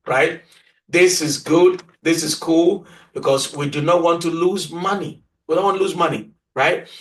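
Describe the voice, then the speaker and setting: A man teaching a beginner trading lesson, who repeats his points and keeps prompting listeners with "right?" and "what?". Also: fairly high pitch. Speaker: trading instructor. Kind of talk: screen-share tutorial lecture. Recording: echoey room, voice distant from mic.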